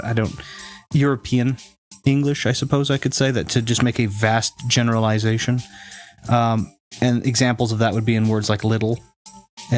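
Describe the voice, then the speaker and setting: Give me a man with a neutral American accent, casually chatting and correcting himself as he streams a game, with faint music behind. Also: lowish voice. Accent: fairly neutral American. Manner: rambling and digressive, self-correcting. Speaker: let's play streamer. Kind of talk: casual chat with viewers while gaming.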